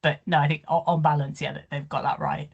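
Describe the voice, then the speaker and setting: A woman's voice: sits low, flat delivery, fast, gravelly, breathy edge, highs cut off. A woman co-hosting a sports podcast, chatting casually and thinking aloud as she weighs up each point. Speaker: podcast co-host.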